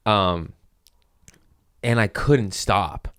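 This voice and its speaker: A man's voice: fairly low pitch, very slow, a bit bright, clear, resonant tone, no room sound, studio quality. A man in his thirties hosting a podcast, telling stories in a profane, rambling casual chat. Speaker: podcast host, comedian.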